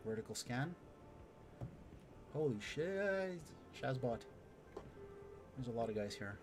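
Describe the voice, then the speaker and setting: A man streaming a flight sim, explaining his systems and muttering excited remarks while he fights. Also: medium pitch, normal speed, over music. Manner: excitable, mutters to himself mid-dogfight. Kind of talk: live gameplay commentary and tutorial.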